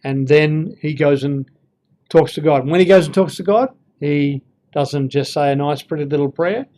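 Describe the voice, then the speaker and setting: A man's voice: on the high side, normal speed, a little mellow. A man giving an informal Bible lesson, thinking aloud with fillers and reading verses with feeling. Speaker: Bible teacher.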